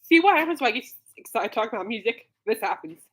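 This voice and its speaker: A woman's voice: fairly high pitch, expressive, quick pace, husky. A woman hosting a casual solo podcast, gushing and rambling with many fillers, breaking into coughing fits. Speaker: podcast host.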